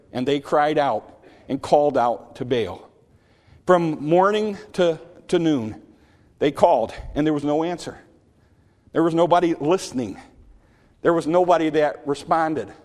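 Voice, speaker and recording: A man preaching a sermon, retelling a story with animated energy and frequent restarts. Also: fairly high pitch. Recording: long hall reverb.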